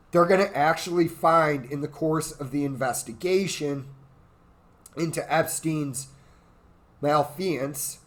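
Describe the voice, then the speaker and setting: A man's voice: fairly high pitch, measured pace, fairly bright tone. A tipsy man ranting in a crude, rambling, profane way as host of his own show. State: drunk. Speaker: podcast host. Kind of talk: drunken political rant.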